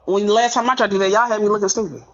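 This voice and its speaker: A woman's voice: medium pitch, steady tone, rapid-fire, fairly bright tone, lo-fi sound. A woman with a New Orleans accent, teasing and joking with profanity on a podcast panel. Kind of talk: casual group chat.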